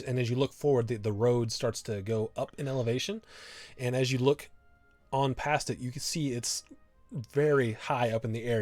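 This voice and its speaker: A man narrating a tabletop game as game master, halting and restarting with many fillers. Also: mid-range voice, darkish tone, dry recording.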